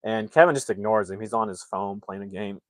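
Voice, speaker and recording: A man casually recapping a movie plot, rambling and acting out the characters' lines in quick impressions. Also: fairly low pitch, no room sound. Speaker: movie reviewer.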